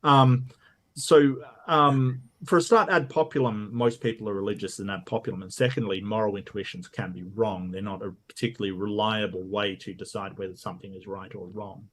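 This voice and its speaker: A man's voice: on the low side, fairly even intonation, brisk, fairly bright tone, slight background noise. A man debating on a video call, hesitant and self-deprecating, with many restarts and fillers. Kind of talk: casual debate talk.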